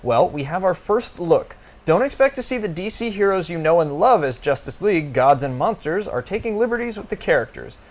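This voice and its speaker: A man's voice: sits high, sing-song, brisk. A man co-hosting a comic book podcast, reading news and restarting his lines. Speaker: co-host.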